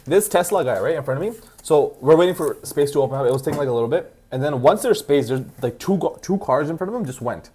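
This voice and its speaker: A man's voice: a little high, expressive, fast, hardly any pauses, a little mellow, breathy edge. A young man co-hosting a podcast, rambling through a story in casual chat, full of "like". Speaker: podcast co-host.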